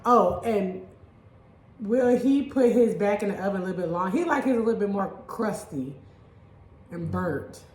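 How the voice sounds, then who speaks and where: Chatty excitable woman in an echoey kitchen. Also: medium pitch, normal speed, slight background noise. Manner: chatty and excitable, laughs easily. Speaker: fitness vlogger cooking at home. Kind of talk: casual cooking vlog chat.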